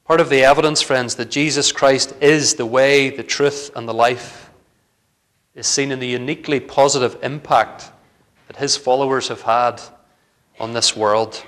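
A man's voice: medium pitch, fairly even intonation, normal speed, fairly bright tone. A man preaching a sermon in a church, earnest and building to fervent emphasis.

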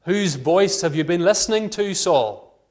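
A man delivers an earnest expository sermon from the pulpit. His voice sits a little high for a man. He reads scripture aloud and brings its dialogue to life with rising emphasis. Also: animated, a little slow, a little mellow. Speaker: preacher.

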